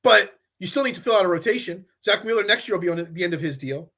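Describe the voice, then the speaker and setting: A man's voice: high voice, quick pace. A man hosting a sports talk show, giving opinionated takes with restarts and repeated phrases. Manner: animated, repeats himself when making a point. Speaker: sports podcast host.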